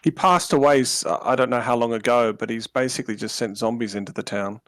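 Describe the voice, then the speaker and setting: Give me a blunt male tabletop player who talks fast. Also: mid-range voice, a bit bright, no room sound. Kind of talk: casual chat.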